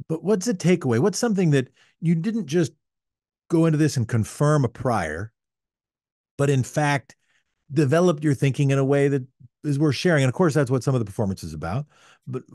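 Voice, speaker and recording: A man's voice: on the high side, warm tone, no room sound, clean studio sound. A man hosting a podcast, asking searching questions that he rephrases as he goes. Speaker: podcast host. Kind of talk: interview questions.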